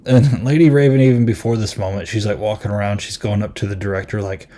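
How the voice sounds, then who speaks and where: Rambling, amused man with lower voice. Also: steady tone, quick pace, hardly any pauses, mellow. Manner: rambling, amused, many ums and likes. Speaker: podcast host reviewing a film. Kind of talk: casual chat.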